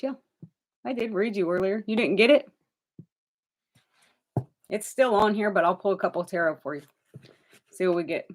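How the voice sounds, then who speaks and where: A woman giving live tarot readings to viewers, chatty and direct, addressing them by name and calling them honey. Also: mid-range voice. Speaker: tarot reader.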